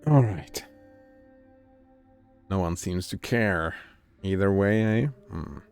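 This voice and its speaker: A man's voice: sits low, slow, gravelly, a little mellow, smooth, faint music behind. A man giving casual commentary while streaming a game, thinking aloud and chatting with viewers.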